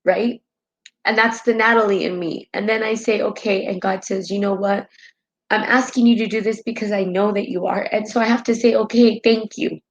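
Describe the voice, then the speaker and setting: A woman's voice: medium pitch, steady tone, normal speed, poor audio. A woman hosting a spiritual live stream in casual talk, heartfelt and rambling, often tagging her sentences with "right?", and tearful at times.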